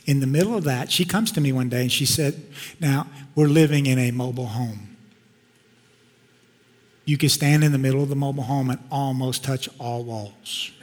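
A middle-aged pastor from Texas, preaching a sermon and swinging between loud urging and quiet personal storytelling. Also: male voice, medium pitch, moderate pace. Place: large church sanctuary. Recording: long hall reverb in a sanctuary.

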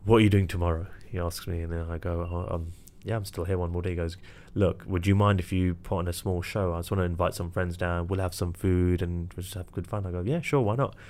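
A young man, a magician, casually telling animated stories and quoting people, laughing often. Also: sits low, quick pace, few pauses. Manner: animated storyteller, quotes others, laughs often. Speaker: magician and entertainer. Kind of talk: casual chat.

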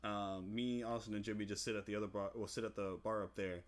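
A man's voice: fairly low pitch, fast. Laughing, swearing man telling a story. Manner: animated storyteller, mimics friends' voices, swears and laughs often. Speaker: podcast co-host. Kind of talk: casual storytelling chat.

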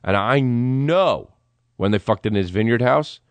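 A man hosting a comedy podcast, telling a rambling story in an excitable, profane way with lots of restarts. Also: mid-range voice, measured pace, no echo. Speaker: podcast host.

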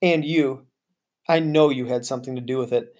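A reader voicing an excitable, lovesick adult man who talks in exuberant bursts. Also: moderate pace, close to an everyday voice. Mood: gushing. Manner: exuberant, booming.

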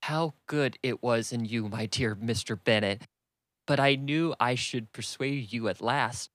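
A man voicing a fretful, nervous middle-aged mother who complains in a shrill, fussing way. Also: unhurried, a bit bright, dry recording, natural voice. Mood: gushing.

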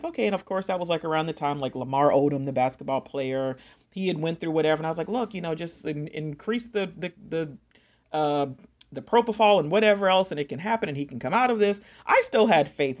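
A woman's voice: low-pitched, a little mellow. A young woman earnestly recounting a personal loss and her faith, in an emotional, storytelling way. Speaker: speaker sharing a personal testimony. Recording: dull lo-fi sound.

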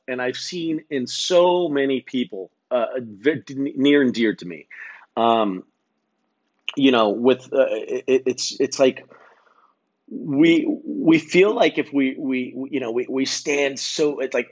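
A man's voice: mid-range voice, lo-fi sound. A man hosting a solo podcast, rambling through a laid-back, profane monologue full of stammered restarts. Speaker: podcast host.

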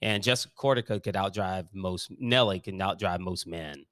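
Man, podcast co-host, rambling, excitable, dry close sound. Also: low-pitched, moderate pace, no echo. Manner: enthusiastic, rambling, trails off mid-thought. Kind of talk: casual golf chat.

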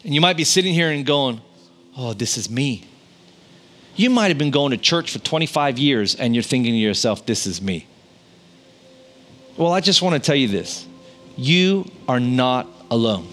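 A man's voice: on the high side, lively intonation, brisk, a bit bright, soft background music. A man in his thirties, a pastor, preaching a sermon in a conversational storytelling way, building intensity on key points. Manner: conversational storytelling with impressions of family.

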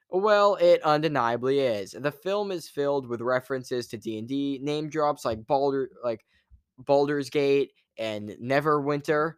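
A man's voice: mid-range voice, clear, resonant tone, dry recording, clean studio sound. A man giving a casual movie review, rambling with restarts, swearing freely and laughing at his own stories.

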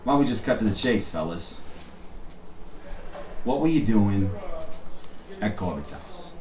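Man doing a gruff low-muttering 1920s cop for a tabletop game; deep voice, roomy distant sound. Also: sing-song, takes it slowly, noisy background, full character voice. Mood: sardonic. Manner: low, muttering, put-upon. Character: weary grumbling male 1920s police detective. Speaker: game master voicing a character.

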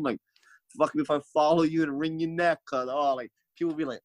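A man's voice: a little high, steady tone, a little fast, no room sound, rough recording. A young man from Hawaii, a podcast guest in casual chat, rambling and swearing a lot. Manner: rambling, swears a lot, repeats "you know what I mean".

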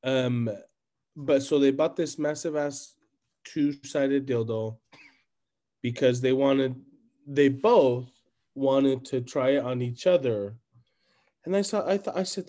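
A man, co-hosting a podcast, who tells crude stories and cracks his voice high when he's amazed. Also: slow, mellow. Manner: profane storytelling, voice jumps up when incredulous. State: coughing when he laughs. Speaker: podcast co-host. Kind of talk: crude casual chat.

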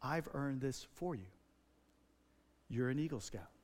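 A man voicing Jesus in a retold dream, speaking softly, slowly and tenderly. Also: mid-range voice, lively intonation, pitched below the performer's own voice, natural voice. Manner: soft, slow and hushed.

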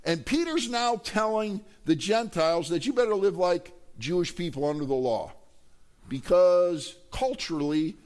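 Male pastor, high voice, emphatic sermon delivery, questions the congregation. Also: a little mellow. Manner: emphatic, rising to high pitch for quoted voices; addresses the congregation directly, asking questions.

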